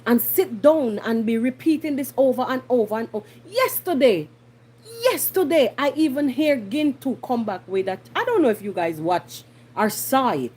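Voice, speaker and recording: Jamaican woman host, husky higher voice, lively and blunt, drifts into patois. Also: normal speed. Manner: animated, blunt, slipping into patois. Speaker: podcast host. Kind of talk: casual commentary monologue.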